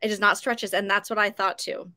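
A woman's voice: medium pitch, steady tone, brisk, bright, forceful tone, no echo, studio quality. A woman co-hosting a live show, chatty and encouraging as she quizzes viewers. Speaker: health segment co-host. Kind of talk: casual live-stream chat.

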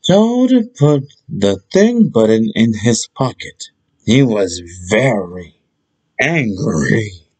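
A man reads a children's bedtime story very slowly and deliberately. His pitch rises and falls a lot as he tells it, giving the telling an expressive, lively lilt. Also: slightly rough, low-quality recording.

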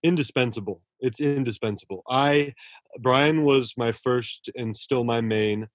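A man's voice: mid-range voice, measured pace, no room sound. A man speaking as a guest author in a casual podcast interview, earnest and effusive, often restarting his sentences.

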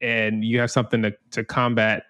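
A man hosting a podcast from a studio, a physician speaking in a measured, thoughtful way with pauses. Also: mid-range voice, completely flat delivery, sharp tone. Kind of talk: casual chat. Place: home studio.

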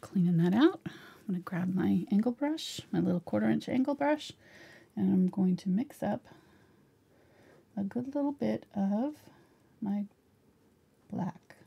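A woman's voice: medium pitch, animated, measured pace, vocal fry, pauses often, slightly rough, highs cut off. A middle-aged woman teaching a live painting tutorial, chatting casually while she paints. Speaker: painting instructor.

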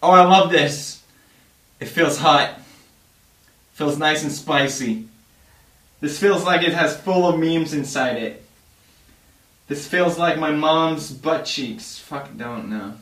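A young man doing goofy comedy skits in a green screen studio, hammy with shouty greetings. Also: fairly high pitch, slow, pauses often. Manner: hammy, shouty greetings, sudden silly voices. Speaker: comedy video creator. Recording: echoey room, from a distance.

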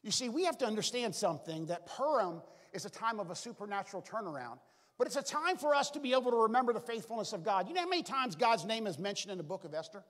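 A man's voice: high voice, sing-song, fast, a bit bright. A male pastor preaching a sermon, retelling the story and acting out the characters' lines, often saying "all of a sudden" and "be able to". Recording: long reverb from a large hall.

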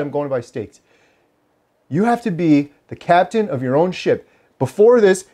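A man's voice: high voice, darkish tone. Earnest man preaching to camera. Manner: repeats himself for emphasis. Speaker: lifestyle vlogger. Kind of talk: casual monologue to camera.

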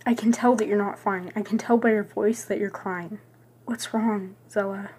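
A woman voicing a caring young woman who gently and insistently reassures her best friend, with a husky voice. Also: medium pitch, steady tone, moderate pace, natural voice. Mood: worried.

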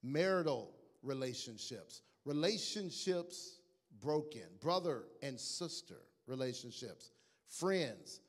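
A man preaching a passionate sermon as pastor, calling his congregation to repeat after him. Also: fairly high pitch. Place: church sanctuary. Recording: church hall reverb.

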